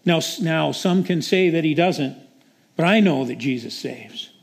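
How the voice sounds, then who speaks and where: A man's voice: on the high side, expressive, measured pace, vocal fry. A male preacher delivering a sermon with dramatic storytelling.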